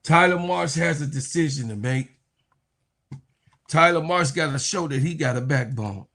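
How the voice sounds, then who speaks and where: A man's voice: a little high, moderate pace, fairly bright tone. A man giving casual, slangy reaction commentary on sports, mocking and acting out quotes as he talks.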